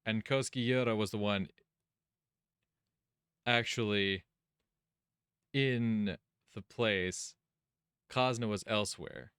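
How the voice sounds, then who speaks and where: A man's voice: lowish voice, takes it slowly, pauses often, fairly bright tone, clean tone, no room sound, studio quality. A man hosting a let's play, reading visual novel text aloud and musing casually about the plot. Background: game music.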